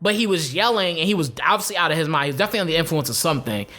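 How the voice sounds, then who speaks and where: A man co-hosting a casual podcast, talking in quick, slangy bursts and often breaking into laughter. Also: on the high side, lively intonation, pushed and bright. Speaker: podcast co-host. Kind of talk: casual chat.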